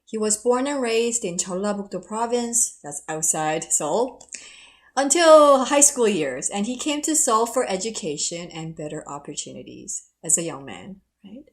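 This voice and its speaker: A woman's voice: mid-range voice, expressive, measured pace. A middle-aged woman giving a history lecture and telling personal stories, laughing at herself now and then. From South Korea. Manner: warm, storytelling, laughs at herself.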